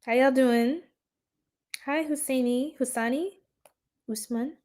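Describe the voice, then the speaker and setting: A woman hosts an astrology livestream and talks straight to her chat in a loose, giggly way. Her voice sits a little high, and she stretches her words out slowly. She sounds easily flustered and chatty. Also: a little mellow. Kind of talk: casual livestream chat with viewers.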